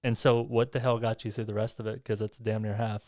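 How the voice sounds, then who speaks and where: A man's voice: lowish voice, little pitch movement, fairly quick, darkish tone, no echo, clean studio sound. Casual man asking curious questions. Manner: curious, loose questioning with fillers. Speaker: podcast host. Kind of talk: casual interview chat.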